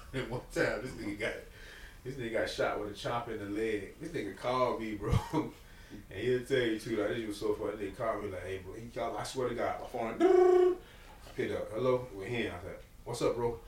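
A young man telling a story in a casual podcast chat. He jumps loud and high when acting out quotes, then drops low and quiet. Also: expressive, brisk, a little hiss or hum. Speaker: podcast guest. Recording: roomy sound from a distance.

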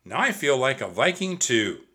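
A man reading a storybook aloud and voicing a brave, eager young girl in an excited, raised voice. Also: mid-range voice, moderate pace.

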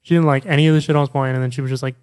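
A man's voice: mid-range voice, fairly even intonation, racing, a little mellow, clean tone. A man co-hosting a podcast, telling casual stories and laughing as he goes. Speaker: podcast co-host. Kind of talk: casual storytelling.

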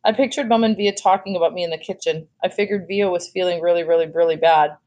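A woman teacher reads a novel aloud to her young class in a calm, plain way. Her voice sits a little low, and she stops now and then for short asides. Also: fast talker.

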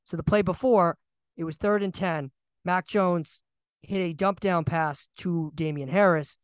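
Ranting young man, slightly high, dry sound. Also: unhurried, clear, resonant tone, no echo. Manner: animated, ranting, repeats himself. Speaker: podcast co-host. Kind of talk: casual sports chat.

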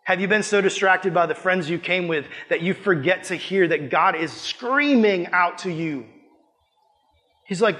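A young male pastor with a high, bright-pitched voice preaches with passion and a casual, conversational way of talking. He drops into quoted asides as he speaks. His voice rings with the long reverb of a large hall. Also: normal speed. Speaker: youth pastor. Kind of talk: sermon.

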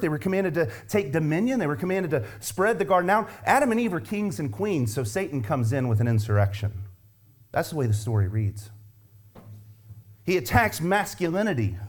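A man preaching a sermon as pastor, emphatic and driving home points with repeated rhetorical questions. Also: fairly high pitch.

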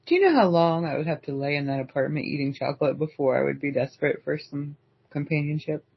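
A woman with a husky, breathy voice co-hosting a casual chat, making playful asides and laughing along. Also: deep voice, expressive, quick pace, no room sound, highs cut off. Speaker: podcast co-host.

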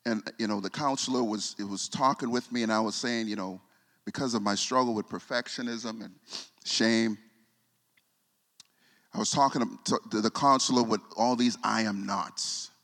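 A man, preaching a sermon and telling a personal story, often repeating himself and dropping soft when moved. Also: lowish voice, steady tone, normal speed. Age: 40s. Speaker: pastor. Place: church sanctuary. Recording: long hall reverb.

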